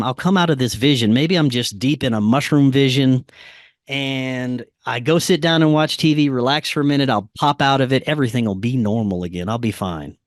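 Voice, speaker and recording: A man, a podcast guest, telling a personal story casually, dropping to a quieter voice when he quotes what was said. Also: mid-range voice, no echo, studio quality. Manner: acts out quoted dialogue in a quieter voice; frequent fillers and restarts, animated retelling.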